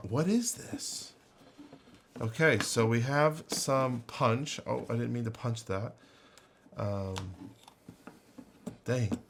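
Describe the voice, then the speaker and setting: A man hosting a casual unboxing video, rambling and thinking aloud with lots of fillers and restarts. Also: on the low side. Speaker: unboxing channel host.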